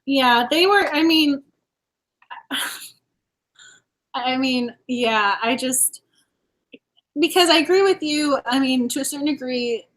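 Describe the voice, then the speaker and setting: A woman hosting a casual book club chat on her video channel. She talks in an animated way, laughs often and restarts her sentences. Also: sits high, slow pace, pauses often.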